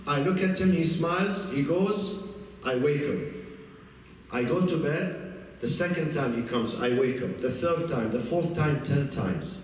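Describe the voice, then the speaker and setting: A man's voice: a little high, far from the mic, a little hiss or hum. A man giving a religious lecture as an imam, telling a story earnestly and weaving Arabic religious terms into his English. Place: banquet hall. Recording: echoey hall, recorded from afar.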